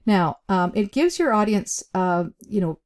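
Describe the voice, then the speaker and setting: A woman teaching job interview skills to camera in a deliberate, chatty way, with emphasized words, short pauses and frequent fillers. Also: mid-range voice, lively intonation, a little mellow. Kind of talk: instructional talk to camera.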